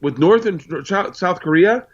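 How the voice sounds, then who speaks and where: A man's voice: sits high, a little slow. A man, a comedian guest, telling stories in casual chat, swearing freely and acting out both sides of conversations. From United States. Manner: profane, animated storyteller acting out dialogue. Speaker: interview guest, stand-up comedian. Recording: dull lo-fi sound.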